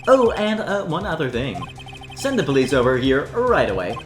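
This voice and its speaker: A man's voice: on the high side, wildly swooping pitch. A haughty, scheming rich villain, as a man puts him on for a game playthrough, speaking in a grand, lilting voice that swoops up and down. The voice has a roomy echo, with game music playing behind it. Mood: domineering. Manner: haughty, theatrical, drawn-out. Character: pompous scheming rich male villain, middle-aged. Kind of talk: fan voicing of a game playthrough.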